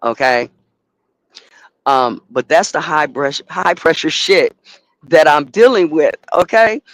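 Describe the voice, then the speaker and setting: A man who owns a trucking company, telling a profane, animated story and acting out both sides of a phone call. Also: on the high side, slow, no room sound. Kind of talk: casual storytelling to a live audience.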